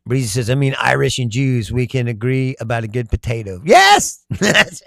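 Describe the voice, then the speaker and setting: A man's voice: mid-range voice, a little fast, vocal fry, a bit bright, no echo. A man hosting a casual livestream, reading viewer comments aloud, laughing often and swearing freely. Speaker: livestream host.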